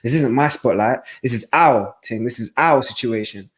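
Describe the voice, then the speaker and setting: A man's voice: medium pitch, normal speed. A man who works as a sports presenter, speaking passionately and emphatically as a webinar guest over a video call. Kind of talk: webinar panel discussion.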